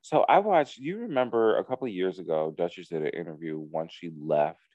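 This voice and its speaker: A man casually recapping a reality show to a co-host, telling the story with lively quoted asides. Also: low voice, brisk, no echo, dull audio. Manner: animated storytelling with profanity, acts out quotes.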